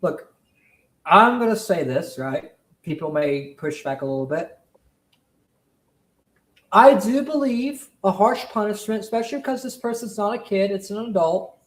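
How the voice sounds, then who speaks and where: A commentary streamer rants with heavy emphasis and frequent swearing. The voice sits at a middle pitch. The room adds a noticeable echo. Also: expressive, a little slow, long pauses. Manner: profane, emphatic, repetitive. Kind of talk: heated casual rant.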